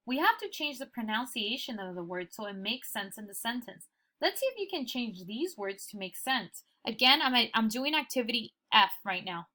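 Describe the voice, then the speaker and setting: A young woman teacher giving a recorded phonics lesson, slowly sounding out word parts for her students. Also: a little high, bright, forceful tone.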